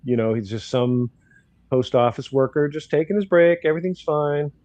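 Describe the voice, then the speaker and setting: A man's voice: fairly high pitch, normal speed, a little mellow, dull audio. An older man, a grandfather, bluntly telling a story in casual talk and acting out the dialogue. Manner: blunt, outspoken, acts out dialogue in quotes. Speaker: guest commentator.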